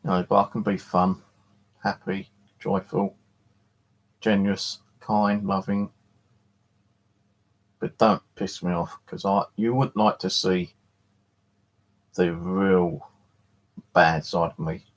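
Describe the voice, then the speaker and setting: A man's voice: low voice, level tone, takes it slowly, long pauses. Rambling man on a live stream. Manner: rambling, jokey, swears freely. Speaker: live streamer and paranormal channel host. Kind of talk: casual live-stream chat. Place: at home in his flat.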